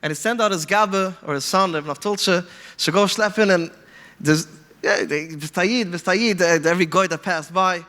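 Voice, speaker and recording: A man telling stories in an animated way, mixing in Yiddish phrases and acting out the people he quotes. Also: high voice, normal speed, in a large hall. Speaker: podcast guest speaker. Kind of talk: storytelling talk.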